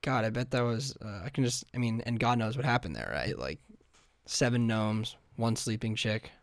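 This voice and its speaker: A man hosting a podcast, rambling through a crude comedic monologue in a deadpan way, with sudden silly voices. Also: medium pitch, moderate pace, no echo. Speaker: podcast host.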